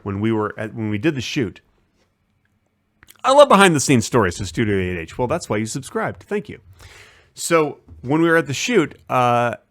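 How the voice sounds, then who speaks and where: A man's voice: medium pitch, big pitch swings, normal speed, no room sound, studio quality. A man hosting a casual stream, chatting about a shoot in a rambling storytelling way and acting out the lines he quotes. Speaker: streaming host. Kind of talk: casual behind-the-scenes storytelling.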